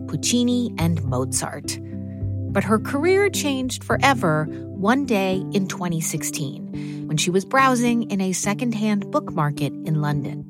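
A woman hosting a podcast, reading scripted narration and asking questions. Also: mid-range voice. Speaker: host, narrator. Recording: narration over guitar music.

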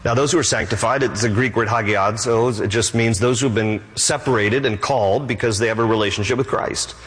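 A man's voice: mid-range voice, fairly even intonation, fairly quick, a bit bright. Emphatic preaching man in a reverberant hall. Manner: emphatic, repeats key phrases. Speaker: pastor. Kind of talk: sermon.

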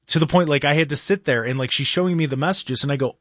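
A middle-aged man hosting a radio talk show, telling stories in a lively casual way and acting out what people said. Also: a little high, fast talker, few pauses, no echo, studio quality. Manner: animated storyteller, acts out quotes.

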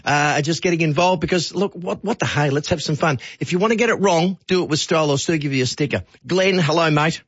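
An Australian man hosting a phone-in radio show, with brisk, jokey, upbeat banter. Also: a little high, fairly bright tone, slightly rough, no room sound. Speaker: radio host. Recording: slightly dull radio audio.

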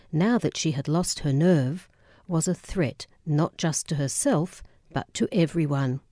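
A woman narrating a memoir audiobook in a measured, solemn way. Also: sits low, dark tone, no echo, clean studio sound.

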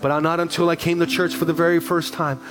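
A middle-aged man preaching as a pastor, telling stories in an animated way and repeating lines for emphasis. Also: on the high side, quick pace. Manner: animated, repetitive storytelling with rising emphasis. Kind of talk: sermon.

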